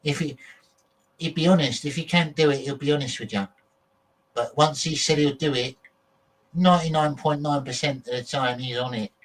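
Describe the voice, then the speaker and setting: A man's voice: a little high, fairly even intonation, moderate pace. Blunt, sweary man on a choppy stream. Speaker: show host. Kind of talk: casual livestream chat. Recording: distant, choppy internet audio.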